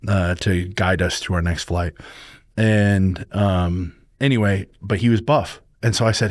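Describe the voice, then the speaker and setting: A man's voice: sits low, fairly even intonation, a little slow, dry recording, clean studio sound. A man chatting casually in a church talk show, earnest and telling a story with restarts. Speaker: pastor. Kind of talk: casual church podcast chat.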